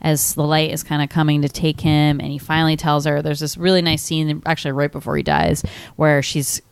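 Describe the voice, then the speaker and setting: A woman in her thirties with a low, smooth voice, recapping a movie plot as a podcast co-host. She rambles along with lots of fillers. The sound is dry and close. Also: level tone, fairly quick, no room sound. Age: 30s. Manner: rambling, filler-heavy storytelling. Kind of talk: casual movie recap chat.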